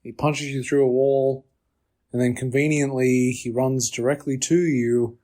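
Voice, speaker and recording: A man's voice: mid-range voice, steady tone, unhurried, mellow. Sarcastic laughing man on a gaming podcast. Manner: laughs often, sarcastic asides. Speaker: podcast co-host. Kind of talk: casual gaming podcast chat.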